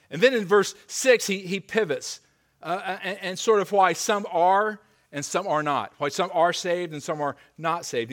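Emphatic man preaching a sermon. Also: fairly high pitch. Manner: animated, emphatic when reading scripture, with stammered restarts and asides. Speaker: pastor. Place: church sanctuary.

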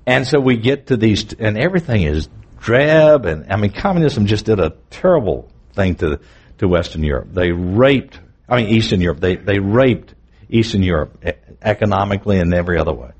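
Husky low-voiced preacher telling a story. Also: male voice, expressive, normal speed, darkish tone. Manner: earnest, vivid storytelling with candid asides. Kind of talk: personal testimony in a sermon.

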